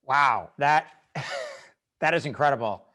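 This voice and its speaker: Brief: male moderator, mid-pitched, hesitant and filler-heavy delivery over a video call. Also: huge pitch swings. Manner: halting, many fillers. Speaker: event moderator.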